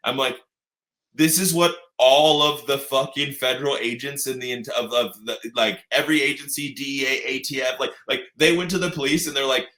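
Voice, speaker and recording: Bright, ranting man in an echoey room. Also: medium pitch, fairly quick. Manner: profane, rambling, mocking voices when quoting people. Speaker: podcast co-host. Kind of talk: casual chat.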